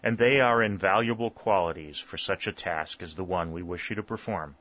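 A man reading a soft-spoken, persuasive general. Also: sits low, moderate pace, lo-fi sound. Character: Confederate general, persuasive and flattering.

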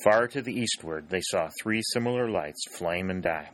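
A man narrating a historical adventure audiobook in an even, unhurried reading style. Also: low-pitched.

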